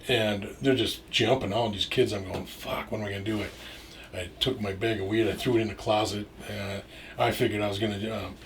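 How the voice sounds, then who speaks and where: Middle-aged man, low voice, rambling storyteller, loose and profane, recorded at a distance. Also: steady tone, moderate pace. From Minnesota. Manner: rambling, many restarts and fillers, swears freely. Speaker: storyteller guest. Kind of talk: casual anecdote. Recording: distant mic with faint noise.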